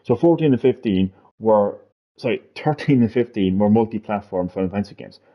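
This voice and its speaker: A man's voice: lowish voice, lively intonation, brisk. A man chatting on a gaming live stream, rambling, swearing freely and repeating himself. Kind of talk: casual live-stream chat. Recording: dull lo-fi stream audio.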